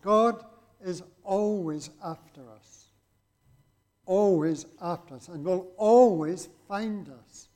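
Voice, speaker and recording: A man's voice: high-pitched, slow, a little mellow. A man preaching a sermon and reading scripture aloud, in a conversational way that keeps asking the listeners rhetorical questions.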